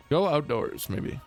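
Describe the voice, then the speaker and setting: A man's voice: a little high, darkish tone. Laid-back man streaming a game. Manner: laid-back, swears, laughs, talks to chat. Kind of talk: casual gameplay commentary.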